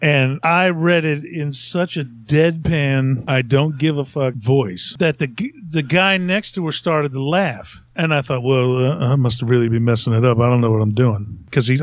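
A man's voice: fairly high pitch, moderate pace, hardly any pauses, dry recording. A man hosting a podcast, telling a long story in a rambling way and chuckling often. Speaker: podcast host. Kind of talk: casual storytelling. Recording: dull lo-fi sound.

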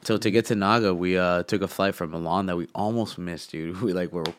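A man's voice: low-pitched, steady tone, fairly quick, a little hiss or hum. A man telling loose travel stories in casual chat, with a swollen throat and a cough drop in his mouth, swallowing close to the mic. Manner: rambling storyteller, lots of "like" and "man". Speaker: podcast guest recounting travel. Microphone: close mic picking up swallowing.

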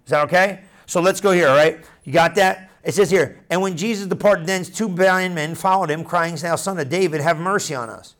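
A man's voice: sits high, fairly quick, hardly any pauses. A man preaching a casual Bible teaching, talking straight to his listeners and acting out scenes in everyday slang. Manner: animated, conversational, acts out Bible scenes in slang.

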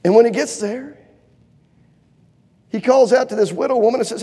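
A man preaching a humorous sermon in a church auditorium, folksy and animated, asking the crowd for amens and shows of hands. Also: very high-pitched, moderate pace, long pauses, breathy edge. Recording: long reverb of a large hall.

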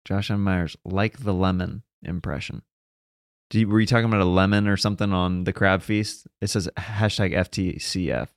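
Deep-voiced man hosting a casual podcast. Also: fairly even intonation, normal speed, no room sound, studio quality. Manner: loose, joking, filler-heavy. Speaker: podcast host. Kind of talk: casual chat.

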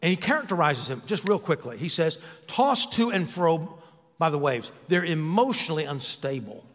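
A man's voice: fairly high pitch, very animated, normal speed, fairly bright tone, long reverb tail. An older man and pastor giving a conversational sermon, asking the congregation rhetorical questions. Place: church sanctuary.

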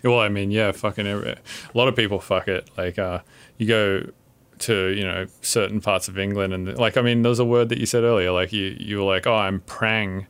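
Low-voiced laid-back male podcast host. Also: steady tone, brisk, clear, resonant tone, no echo. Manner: laid-back, laughs often, casual swearing. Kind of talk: casual podcast chat.

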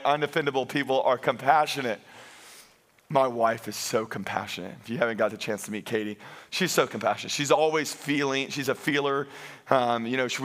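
A man preaching a sermon to a congregation in church, telling lively stories with jokes at his own expense. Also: medium pitch. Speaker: pastor.

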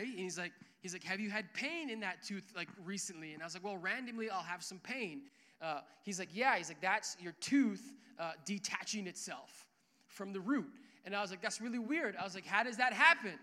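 Young male pastor, animated storyteller, high bright voice, long church reverb. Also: normal speed. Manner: energetic storytelling with quoted dialogue. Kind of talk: sermon. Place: church hall with worship music.

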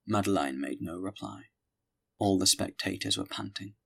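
A man reading a classic novel aloud as an audiobook, measured and steady. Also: low voice, gravelly. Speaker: audiobook narrator. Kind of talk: scripted audiobook narration.

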